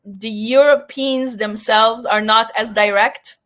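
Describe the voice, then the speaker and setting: Podcast guest: young woman, light Israeli accent, higher and bright voice, frank and matter-of-fact. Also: fairly even intonation, takes it slowly. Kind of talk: casual podcast interview.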